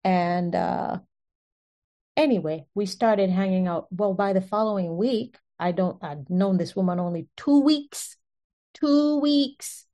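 A woman's voice: mid-range voice, takes it slowly. Woman telling an earnest personal story. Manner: earnest and animated, often breaking into short laughs. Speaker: speaker sharing a personal testimony.

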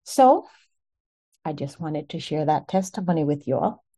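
Mellow-voiced woman telling a testimony. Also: low voice, lively intonation, normal speed, husky. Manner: conversational, emphatic storytelling. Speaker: prayer group host. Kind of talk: sharing a testimony in an online group.

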